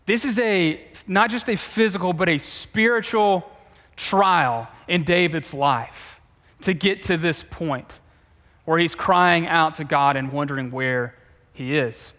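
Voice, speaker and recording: Youth pastor guy preaching, high bright voice, chatty asides, big hall echo. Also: takes it slowly. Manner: conversational, with relaxed asides and restarts. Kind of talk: sermon. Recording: long reverb of a large hall.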